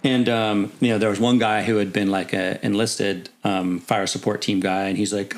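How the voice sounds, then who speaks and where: A middle-aged man with a low, gravelly voice, chatting as a guest on a podcast. He spins loose, rambling stories full of fillers and acts out the people in them as he goes. Relaxed and unscripted. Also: normal speed, hardly any pauses. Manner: rambling anecdotes, many "you know" fillers, acts out voices in quotes. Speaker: guest, army officer. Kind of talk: casual storytelling.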